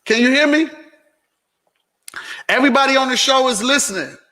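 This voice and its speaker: A man's voice: very high-pitched, moderate pace, pushed and bright, long reverb tail. A man hosting a casual vlog and Q&A at home, teasing and laughing, then explaining things plainly. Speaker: host.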